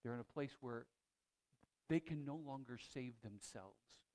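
With a medium pitch and a measured pace, a pastor retells a story while preaching. His delivery is lively, shifting between loud and hushed, and marked by frequent restarts.

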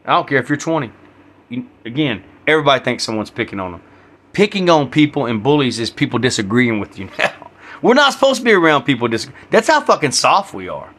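A man's voice: medium pitch, lively intonation, fast talker, a bit bright. A man hosting a solo podcast, ranting bluntly with heavy profanity in a preachy tone. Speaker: podcast host.

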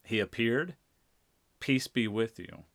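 A man preaching a sermon, speaking deliberately and repeating key phrases for emphasis. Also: fairly low pitch, animated, vocal fry, fairly bright tone. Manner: slow, deliberate, emphatic repetition.

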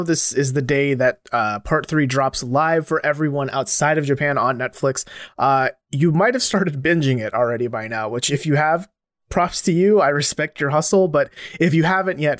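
A man's voice: a little high, no echo, clean studio sound. A man hosting a casual podcast, upbeat and playful as he opens the show. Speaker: podcast host.

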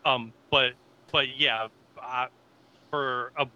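Podcast guy, very bright sharp tone, stumbles n restarts, kinda muffled lo-fi audio. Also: mid-range voice, fairly even intonation. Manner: halting, restarts and fillers. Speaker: podcast co-host. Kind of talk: casual chat.

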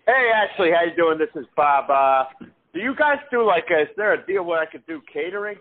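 A man with a slightly high voice rambles through a prank phone call, stumbling over fillers and restarts. He comes through a tinny, narrow phone line. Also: animated, fairly quick. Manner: rambling and hesitant, full of fillers. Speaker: prank caller.

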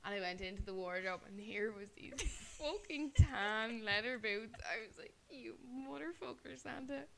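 A young Irish woman co-hosting a podcast, telling a story in an animated, sweary way. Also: mid-range voice, normal speed, slight background noise. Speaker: podcast co-host. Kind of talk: casual chat, storytelling.

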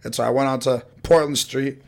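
A young man tells rowdy stories casually, swearing a lot and acting out the voices of the people in them. His mid-range voice is creaky, with fairly even intonation and a brisk pace.

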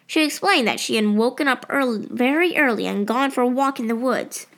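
A woman reads a novel aloud as an audiobook narrator. Her voice is fairly high, and she tells the story in a steady, expressive way. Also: a little fast. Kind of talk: scripted narration.

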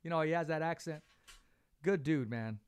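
A man hosting a podcast, telling stories in a casual, animated way, repeating words as he talks. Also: fairly high pitch, moderate pace, smooth. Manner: animated storyteller, repeats words, laughs often. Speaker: podcast host. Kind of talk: casual interview chat.

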